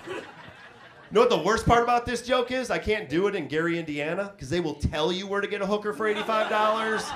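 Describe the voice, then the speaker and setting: Guy doing stand-up at a club mic, teasing himself and the crowd, kinda high voice. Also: fast talker, a bit bright. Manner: self-mocking punchlines, chatty crowd work. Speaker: stand-up comedian hosting the show. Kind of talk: stand-up comedy set. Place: comedy club stage.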